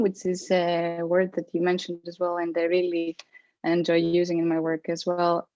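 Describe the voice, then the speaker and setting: A woman artist speaking emotionally on a video call in a live-stream discussion, her voice breaking as she pauses often. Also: fairly low pitch, a little mellow, dry recording, muffled recording. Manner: halting, with many fillers. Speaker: artist answering questions.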